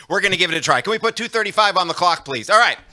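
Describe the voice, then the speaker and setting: A man chatting and then singing a fast parody medley over his guitar on a video call. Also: sits high, animated. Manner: quick patter, laughs between lines. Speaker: comedy musician. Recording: loud guitar under the voice.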